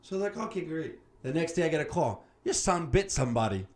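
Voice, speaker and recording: Animated man telling a story in a roomy room. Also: a little high, fast. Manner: animated storyteller, swears freely, acts out quoted voices. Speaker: podcast host. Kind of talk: casual chat. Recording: roomy sound with faint background noise.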